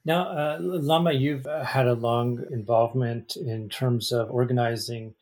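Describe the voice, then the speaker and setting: A man interviewing a guest, asking measured questions with a few hesitations. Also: mid-range voice, fairly even intonation, a little mellow.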